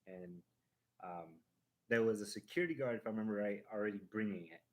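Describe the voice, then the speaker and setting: This stream host talks fairly quickly with a fairly low-pitched voice. He shares a family anecdote in a casual, excitable, wandering way, breaking off to restart and adding sound effects.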